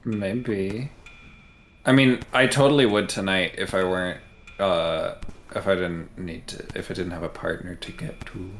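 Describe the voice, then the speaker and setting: A man chatting casually on a voice call, teasing and playful, quick to poke fun at the others. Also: low-pitched, fairly even intonation, a bit bright, slight background noise.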